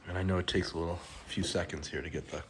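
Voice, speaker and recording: A man vlogging casually, breathy and halting, with long pauses and a congested, sniffly sound. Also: low voice, steady tone, slight background noise. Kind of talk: casual talk to camera.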